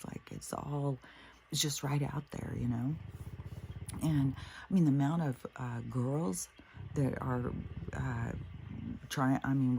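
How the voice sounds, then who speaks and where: Low gravelly-voiced woman telling a story. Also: dark tone, a little hiss or hum. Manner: blunt, swears freely, trails off with fillers. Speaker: spiritual podcast host. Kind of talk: casual storytelling monologue.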